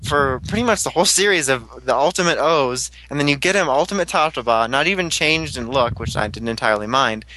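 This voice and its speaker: Guy with a bright voice rambling through an episode recap, excitable, swears a bit. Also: medium pitch, brisk, few pauses, low-quality recording. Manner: rambling, excitable, swears and laughs while retelling scenes. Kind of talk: casual chat recapping a TV episode.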